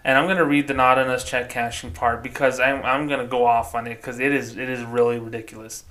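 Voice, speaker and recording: A man's voice: mid-range voice, little pitch movement, quick pace, sharp tone. Exasperated, swearing male podcaster. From New Mexico, United States. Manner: profane, exasperated, rambling. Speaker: podcast host. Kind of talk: casual solo podcast rant.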